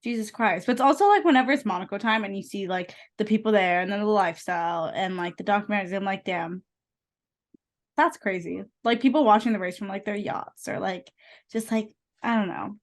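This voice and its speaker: A young woman co-hosting a podcast in casual chat, playful and quick to joke and giggle. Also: medium pitch. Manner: playful, giggly, joking asides. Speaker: podcast co-host.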